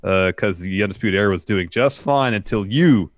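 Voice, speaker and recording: A deep-voiced man retelling events in order, easygoing and plain. The sound is dry and close, with no echo. He moves through the story step by step, with the odd "uh". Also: moderate pace. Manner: steady play-by-play retelling with fillers. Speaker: podcast co-host. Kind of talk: casual recap narration.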